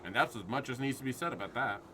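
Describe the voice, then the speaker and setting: A man's voice: medium pitch, expressive, fast, background noise. A man streaming a horror game live, jumpy and swearing at scares while chatting with his viewers.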